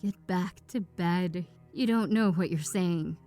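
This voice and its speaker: A woman voicing a frightened old husband who speaks slowly and tremblingly. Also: warm tone, soft background music. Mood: fearful. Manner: low, slow and trembling.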